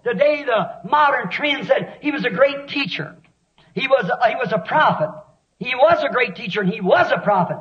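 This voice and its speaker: Man, preacher, fervent sermon, shouting at times, very high voice, muffled old recording. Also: expressive, moderate pace.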